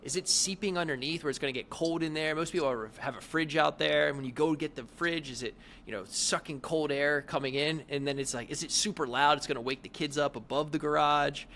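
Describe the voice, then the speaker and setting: A man's voice: a little high, a little fast, hardly any pauses, bright, forceful tone, a little hiss or hum. A middle-aged man hosting a podcast interview, talking casually and rambling with lots of fillers and restarts. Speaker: podcast host.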